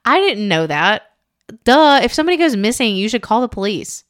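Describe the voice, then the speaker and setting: A woman's voice: fairly high pitch, sing-song, fairly quick, clear, resonant tone. A woman podcast co-host chatting casually, telling stories animatedly with squeals and laughs. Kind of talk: casual chat.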